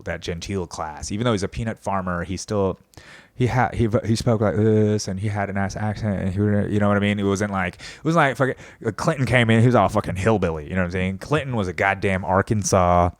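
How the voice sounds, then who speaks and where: A man's voice: low voice, dry recording. Profane rambling man, dry close sound. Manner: profane, rambling, mocks voices of politicians. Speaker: podcast host. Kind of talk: casual rant.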